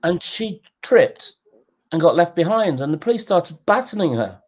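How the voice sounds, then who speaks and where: Animated man in his sixties. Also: moderate pace. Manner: animated, jumps in pitch, acts out quotes. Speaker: guest. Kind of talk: candid storytelling in a conversational interview.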